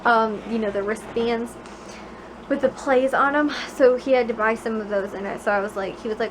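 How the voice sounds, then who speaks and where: A woman's voice: fairly high pitch, steady tone, fairly quick. A young woman from the Chicago suburbs, chatting casually to camera in her bedroom and rambling with many filler words. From Chicago suburbs, USA. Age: young adult. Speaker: vlogger. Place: bedroom at home at night. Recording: noisy home recording.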